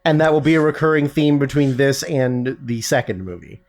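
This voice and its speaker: A man's voice: medium pitch, expressive, moderate pace. A man co-hosting a casual film podcast, reading out trivia with dry jokey asides. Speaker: podcast co-host.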